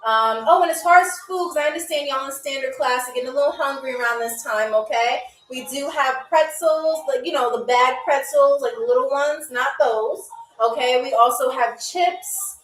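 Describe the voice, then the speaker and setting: A woman hosting a live stream as a playful flight attendant, chatty and animated, calling viewers y'all. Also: high voice, normal speed, distant mic. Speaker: host playing a flight attendant on a live game show. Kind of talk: playful live-stream role-play as stewardess. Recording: echoey room, off-mic, faint music.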